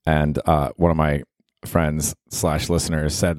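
Young male comic hosting a solo pod, lowish voice, dry close sound, rambling and self-deprecating. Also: steady tone, normal speed, a little mellow, dry recording. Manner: self-mocking, rambling, with filler. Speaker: podcast host. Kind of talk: solo comedy podcast monologue.

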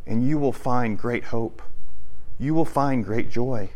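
A man preaching a sermon in an animated, conversational way, with joking asides. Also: mid-range voice, slow pace. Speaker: pastor.

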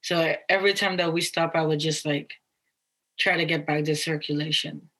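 A woman's voice: sits low, normal speed, low-quality recording. A young woman from Guyana, interviewed about her life, talking casually with many fillers and restarts. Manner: casual, many fillers and restarts, quotes others in lively voices. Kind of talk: candid interview talk.

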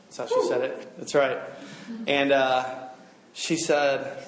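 Speaking slowly and in a steady tone, this middle-aged campus minister has a medium-pitched voice that reverberates around him. He preaches a casual, humorous sermon to an assembled crowd and keeps asking the room questions.

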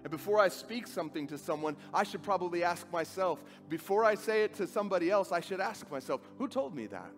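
A man preaching with earnest drama, his voice sitting a little high for a man. He acts out dialogue and sinks into soft, hushed stretches. Faint music plays underneath. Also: lively intonation, a little fast, few pauses. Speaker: pastor. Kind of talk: sermon.

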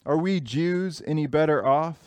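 A man's voice: on the high side, moderate pace, a little mellow, clear, resonant tone, dry recording. A man in his thirties preaching a sermon, earnest and repeating phrases for emphasis. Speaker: pastor.

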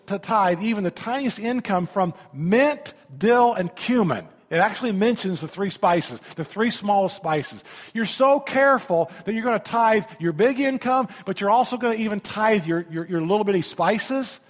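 Fifties male pastor, high voice, animated sermon, stumbles and repeats words, echoing hall. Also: moderate pace. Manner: animated, conversational preaching with repeated words and questions to the listeners. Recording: long reverb of a large hall.

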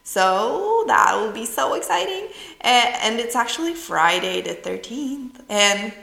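A woman with a Swedish accent, a non-native English speaker, hosting her own podcast in a bubbly, excitable way with lots of fillers. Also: a little high, measured pace, creaky, echoey room, low-quality recording. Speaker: podcast host. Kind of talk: casual podcast talk.

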